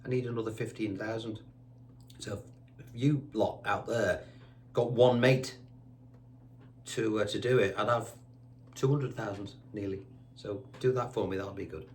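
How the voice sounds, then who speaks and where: A man's voice: lowish voice, fairly even intonation, unhurried, long pauses, a little mellow, slight background noise. A man teaching a guitar lesson, chatty and reassuring, counting notes aloud while seated indoors. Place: indoors, seated on a squeaky chair.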